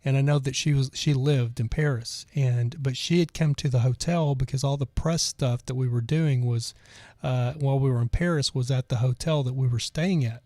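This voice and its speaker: A man's voice: medium pitch, fairly even intonation, moderate pace, mellow, no echo. A man in his forties, a podcast host, casually telling a long story and reading out chat comments, rambling and digressing with lots of restarts.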